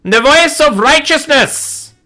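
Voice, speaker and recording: A man's voice: mid-range voice, wildly swooping pitch, moderate pace, fairly bright tone, slightly rough, voice pushed up, heavily acted. A man voicing a pompous, righteous male knight who declaims in a ringing voice. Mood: commanding.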